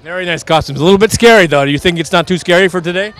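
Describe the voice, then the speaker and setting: A man's voice: high-pitched, rapid-fire, close to an everyday voice. A man playing a Transylvanian count who claims to be a businessman, speaking in broken English and playfully reassuring children at an outdoor Halloween parade. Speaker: street interviewer.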